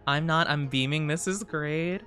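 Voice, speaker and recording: A woman's voice: low voice, moderate pace, a bit bright, faint music behind. A woman streamer chatting casually with her live chat, giggling often and trailing off with fillers.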